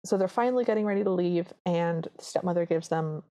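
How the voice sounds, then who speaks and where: A woman's voice: fairly low pitch, fast talker, dark tone. A woman co-hosting a podcast, chatting casually as she retells a film scene by scene and acts out the characters' lines. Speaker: podcast co-host.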